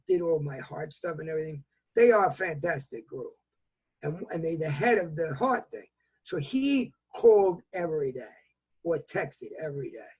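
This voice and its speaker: Older New man in his 80s, high husky voice, chatty and rambling, muffled call audio. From New York. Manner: rambling storyteller, repeats himself, chatty. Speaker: interviewee. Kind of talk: casual remote interview.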